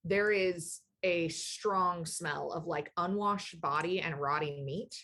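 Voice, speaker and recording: A woman runs a tabletop game with a lowish voice at an unhurried pace. She narrates thoughtfully and pauses often with fillers. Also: pushed and bright. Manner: slow, thoughtful, many fillers. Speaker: game master.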